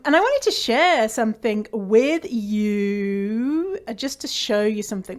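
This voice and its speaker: A woman hosting her own podcast, talking in a chatty, playful and upbeat way from home, with lots of fillers. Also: a little high. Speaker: podcast host. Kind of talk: casual podcast monologue. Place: at home indoors.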